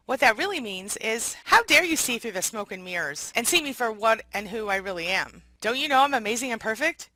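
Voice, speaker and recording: A woman's voice: fairly high pitch, animated, fairly quick, hardly any pauses, sharp tone, no room sound, low-quality recording. A woman host giving a casual countdown talk, switching into sarcastic, mock-indignant first-person lines. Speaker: relationship coach and video host.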